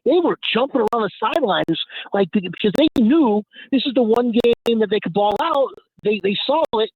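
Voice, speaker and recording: A man's voice: sits high, expressive, moderate pace, breathy edge, no room sound. A man co-hosting sports talk radio, emphatic and worked up. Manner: emphatic, pushing for angry callers. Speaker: radio co-host. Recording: tinny narrow-band line.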